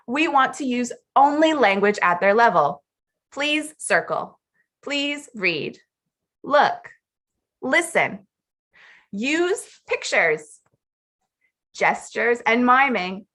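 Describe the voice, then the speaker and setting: A woman teacher trainer giving an upbeat webinar presentation, clearly enunciating her instructions. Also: fairly high pitch, sharp tone.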